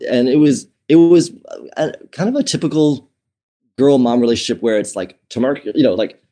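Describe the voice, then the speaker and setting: A man speaks openly and emotionally about his life while being interviewed. His medium-pitched voice has a relaxed, mellow quality, and he keeps restarting phrases and dropping in "um" and "you know."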